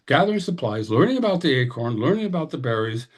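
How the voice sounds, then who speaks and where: A man's voice: mid-range voice, very animated, fast talker. A man giving an impassioned, urgent address to a webinar audience over a video call. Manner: fervent, urgent, exhorting. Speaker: tribal representative presenter.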